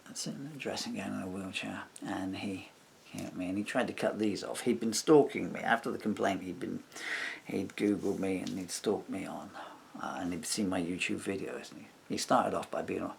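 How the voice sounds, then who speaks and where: Low gravelly indignant man. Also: steady tone, fairly quick, slight background noise. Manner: indignant, rambling retelling with acted-out quotes. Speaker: vlogger. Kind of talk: personal complaint vlog.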